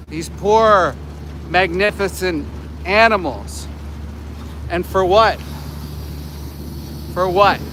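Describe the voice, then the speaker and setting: Canadian guy in his 40s, high voice, ranting live by a slaughterhouse, faint traffic noise around. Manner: shouts angrily at truck drivers, otherwise ranting and indignant. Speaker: animal rights activist livestreaming. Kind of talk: live street vlog. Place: outdoors by a road outside a slaughterhouse. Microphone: phone held while livestreaming. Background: passing trucks and traffic.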